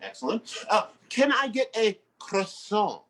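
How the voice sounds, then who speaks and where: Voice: medium pitch, sing-song, unhurried, a bit bright. A comedy show host introducing the closing act and leading the crowd in call and response. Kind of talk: live show emcee introduction.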